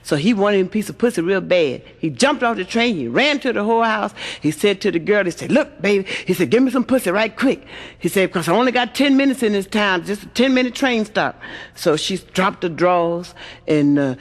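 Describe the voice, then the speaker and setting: A woman's voice: mid-range voice, lively intonation, brisk. Brash bawdy woman comedian. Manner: brash, bawdy punchline delivery. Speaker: stand-up comedian. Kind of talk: raunchy stand-up storytelling and bawdy rhymes. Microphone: comedy album recording.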